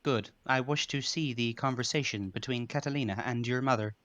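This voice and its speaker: A man voicing his character at a tabletop game in formal, stilted phrasing. His voice sits mid-pitch and sounds dry and close. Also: brisk, fairly bright tone, no room sound. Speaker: player. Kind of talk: in-character tabletop role-play.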